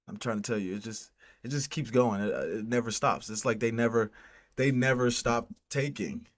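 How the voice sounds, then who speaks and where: A man's voice: mid-range voice, moderate pace. A man hosting a podcast, reacting to news in casual chat with blunt, profane, exasperated commentary.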